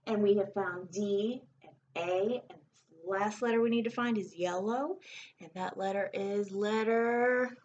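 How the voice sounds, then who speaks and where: A woman leads a recorded phonics lesson for preschoolers, drawing out each letter sound slowly in a sing-song voice. Her voice sits in an ordinary middle range, and the recording comes through dull and lo-fi with faint background noise. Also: medium pitch, a little mellow. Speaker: preschool teacher.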